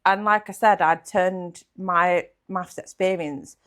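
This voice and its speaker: A woman's voice: on the low side, fairly even intonation, slow, fairly bright tone. Young woman, pregnant, chatting as a guest, blunt jokey storyteller who swears a lot. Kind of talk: casual interview chat.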